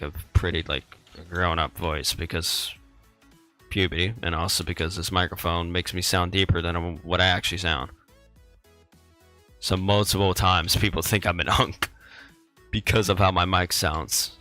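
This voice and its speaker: A man's voice: low-pitched, pushed and bright, rough recording. A teenage boy chatting with viewers on a live game stream through a headset mic, rambling and repeating himself with the odd chuckle. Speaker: gaming streamer. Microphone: gaming headset microphone.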